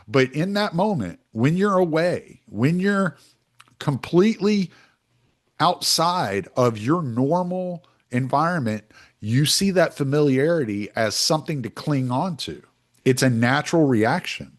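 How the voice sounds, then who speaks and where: Opinionated American man with lively pitch. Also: measured pace. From United States. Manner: rambling, opinionated, with restarts. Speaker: podcast host. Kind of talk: casual monologue.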